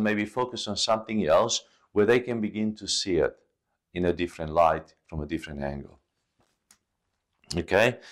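A middle-aged man hosting a podcast, giving earnest, gently coaching advice and often restarting his phrases. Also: fairly low pitch. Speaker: podcast host. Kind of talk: instructive monologue.

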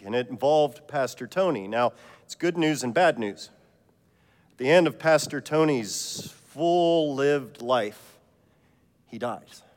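Joking pastor in an echoing church. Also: male voice, medium pitch. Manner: joking, conversational storytelling. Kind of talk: sermon with joke story.

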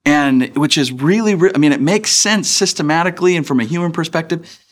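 A man's voice: a little high, brisk. A man in his thirties preaching a sermon as pastor, in a casual, chatty way that acts out the people he quotes.

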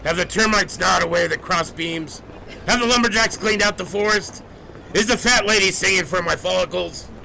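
A man playing a cheerful, vain newspaper boss who talks in a brisk, boastful way. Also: sits high, gravelly, pushed and bright, a little hiss or hum, full character voice. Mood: blustery. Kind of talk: audio drama acting.

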